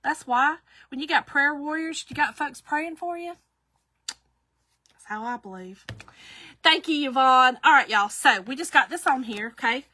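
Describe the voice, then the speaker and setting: A chatty middle-aged woman with a drawl runs a live craft session, greeting viewers by name and laughing easily. Her voice is bright and forceful and sits a little high. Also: animated, moderate pace. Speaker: craft livestream host. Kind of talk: casual live craft demo chat.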